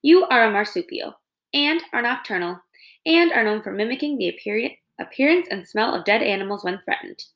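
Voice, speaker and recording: A woman's voice: fairly high pitch, animated, brisk, fairly bright tone. A woman reading a stiff polite robot. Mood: matter-of-fact. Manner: formal, overly polite, literal. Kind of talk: reading a children's novel aloud.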